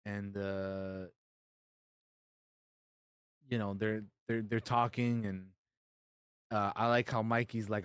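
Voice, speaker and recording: A young man co-hosting a podcast, excitedly retelling a comic with casual swearing. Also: fairly low pitch, slow pace, long pauses, clean tone, no echo, clean studio sound. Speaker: podcast co-host. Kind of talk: casual chat.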